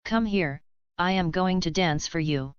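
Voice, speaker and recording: A woman's voice: lowish voice, measured pace, clean tone, no room sound, close to an everyday voice. A woman voicing a clever male rabbit trickster who coaxes and persuades, in a dull lo-fi recording. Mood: coaxing. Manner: coaxing, persuasive.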